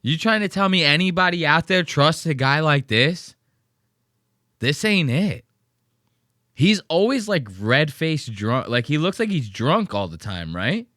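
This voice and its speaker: A man's voice: a little high, big pitch swings, unhurried, sharp tone, dry recording, studio quality. A man hosting a podcast, joking and rambling profanely while reacting to comedy clips. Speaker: podcast host. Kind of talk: casual reaction commentary.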